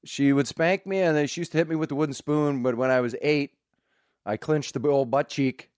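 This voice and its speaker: A man's voice: a little high, steady tone, brisk, a little mellow, no echo, studio quality. A man from Canada, a former hockey player, telling stories in casual chat, laughing often and swearing freely.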